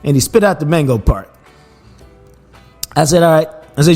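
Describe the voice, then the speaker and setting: A man, hosting a podcast and telling a family story in a relaxed, casual way, laughing as he goes. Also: on the high side, moderate pace, soft background music. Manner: laid-back, laughs while telling stories. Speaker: podcast host.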